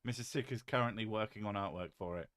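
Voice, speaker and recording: British male streamer, lowish voice, dry close sound, deadpan jokey delivery, swears freely. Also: quick pace, clean tone, dry recording. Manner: joking, deadpan, swears casually. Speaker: live streamer reading chat. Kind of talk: casual live-stream chat.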